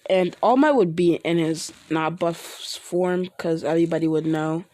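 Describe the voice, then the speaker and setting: A woman narrates an improvised fan story, rambling and restarting as she goes. Her voice is lowish and mellow. The sound is dry and close. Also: normal speed, hardly any pauses, no echo.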